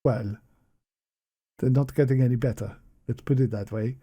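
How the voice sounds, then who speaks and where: A man's voice: mid-range voice, steady tone, moderate pace, background noise. A British man hosting a casual gameplay session, teasing his opponent with playful trash talk. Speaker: host.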